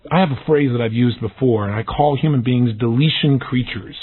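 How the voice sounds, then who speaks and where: Man, motivational speaker, fast-paced and animated, husky voice, narrow phone-like sound. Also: medium pitch. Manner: energetic, expressive, acts out questions in lively voices. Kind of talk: recorded self-help lesson. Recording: tinny phone-like audio.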